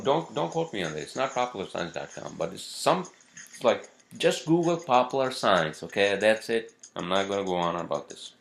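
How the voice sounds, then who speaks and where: A man's voice: fairly low pitch, creaky, fairly bright tone. A man hosting a casual vlog, ranting profanely and rambling with many fillers. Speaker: vlog host.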